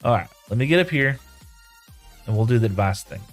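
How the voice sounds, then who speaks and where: A man's voice: mid-range voice, expressive, a little fast, soft background music. A man streaming a video game live from home, chatting casually and rambling as he reads viewer messages aloud and answers them. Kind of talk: casual live-stream chat while playing. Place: home room.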